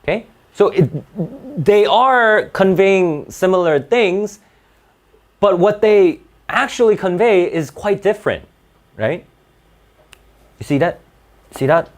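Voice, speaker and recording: A man's voice: sits high, lively intonation, takes it slowly, long pauses. A man teaching a grammar lesson to a class, restarting words often and checking in with "right?".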